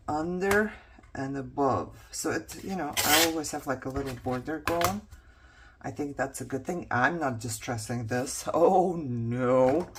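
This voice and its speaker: A woman narrates her crafting session in an unhurried, chatty way, talking half to herself and half to her viewers. Her voice sits a little low, and she pokes fun at her own slow progress. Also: background noise. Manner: chatty, self-mocking, talks to herself while working. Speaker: craft vlogger.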